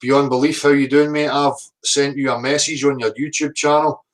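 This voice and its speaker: A Scottish man hosts a relaxed livestream, chatting and rattling through viewers' names one after another. His voice sits at a middle pitch, with the plain sound of a video call. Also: moderate pace. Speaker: livestream host. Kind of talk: casual livestream chat.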